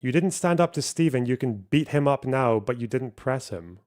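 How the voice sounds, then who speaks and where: A man's voice: mid-range voice, expressive, normal speed, darkish tone. A man, a streamer reading donation messages aloud and answering them in casual, profane, sarcastic chat.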